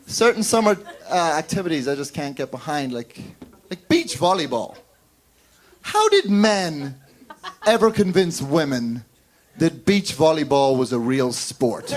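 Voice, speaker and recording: A man's voice: a little high, unhurried. A man from the UK with a British accent doing a stand-up comedy set in a small comedy club, playfully mocking as he talks. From United Kingdom. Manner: animated, mocking voices for quoted characters.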